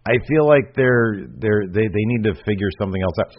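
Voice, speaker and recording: A man co-hosting a podcast in casual chat, rambling and animated, with many fillers and restarts. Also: lowish voice, brisk. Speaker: podcast co-host. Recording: slightly muffled lo-fi audio.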